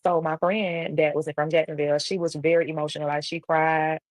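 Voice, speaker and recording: A young adult woman telling a casual storytime on a livestream, animated and acting out the voices of people in her story. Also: low-pitched, a little fast, no room sound, poor audio. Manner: animated, acts out quoted voices. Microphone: livestream computer mic.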